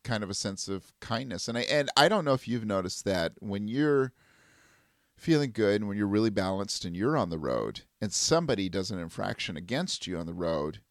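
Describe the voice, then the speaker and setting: A man with a lowish voice that moves a lot in pitch, talking in a reflective, casual way as a podcast co-host. The sound is dry and close, with no room around it. Now and then he acts out angry drivers with sudden bursts. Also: sing-song, normal speed, dry recording. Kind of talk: casual chat. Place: Washington State.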